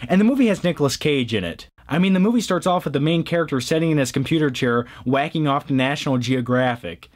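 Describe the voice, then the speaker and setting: A man hosting a casual top-ten countdown of movies, chatty and joking, often adding fillers as he talks. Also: fairly high pitch. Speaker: movie review vlogger.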